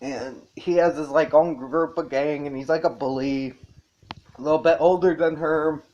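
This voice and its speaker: A man's voice: a little high, steady tone, moderate pace, a little mellow, dull audio. A man reviewing a movie in a casual, rambling way, swearing and chuckling as he goes.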